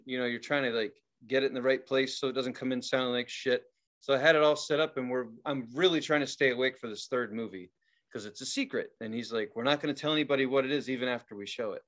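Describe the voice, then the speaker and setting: Animated storytelling man, bright tone. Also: mid-range voice. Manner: animated storyteller, laughs and yells quoted lines. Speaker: podcast co-host. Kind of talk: casual chat.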